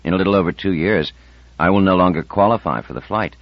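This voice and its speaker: A man reading an audiobook, voicing a subdued, earnest man near fifty who speaks low. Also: fast talker, dry recording. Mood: worried, tender. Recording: dull dry audiobook recording.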